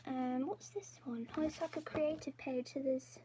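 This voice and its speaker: A woman's voice: high voice, fairly even intonation, moderate pace, background noise. A woman live-streaming from her home office, chatting in a rambling, self-deprecating way, often dropping to a half-whisper. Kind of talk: casual live-stream chat.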